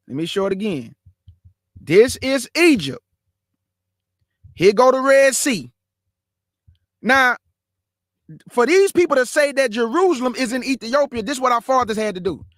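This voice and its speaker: Male Bible teacher and host, high-pitched and emphatic, dry close sound, casual delivery that keeps repeating its main points. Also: lively intonation, normal speed, pauses often, a bit bright, no echo. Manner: emphatic, repeats key phrases, calls listeners "family"; walks through a shared screen map while talking.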